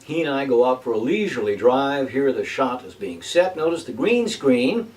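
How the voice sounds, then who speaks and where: A man's voice: medium pitch, animated, moderate pace, darkish tone. A man hosting a personal video update as an actor, chatty with wry asides. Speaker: vlog host and actor. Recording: voice from a distance off mic.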